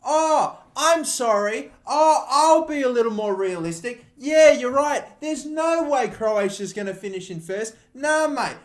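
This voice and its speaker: A man with an Australian accent voicing a whiny, overdramatic, sarcastic young man in a high, wailing voice.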